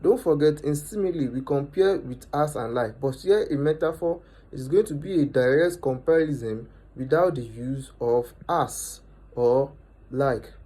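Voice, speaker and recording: A man, teaching a lesson and repeating each definition and example slowly for emphasis. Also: fairly high pitch, dark tone, slightly rough, rough recording. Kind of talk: explanatory lesson.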